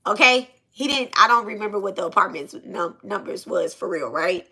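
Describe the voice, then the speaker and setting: Animated Black woman telling a story. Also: mid-range voice, normal speed, breathy edge. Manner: animated, repeats phrases, swears freely. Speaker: channel host. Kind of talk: casual storytime.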